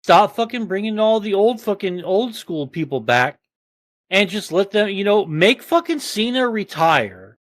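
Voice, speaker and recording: A man hosting a podcast in casual chat, swearing constantly and rambling in an animated way. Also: sits high, unhurried, no room sound, clean studio sound. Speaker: podcast host.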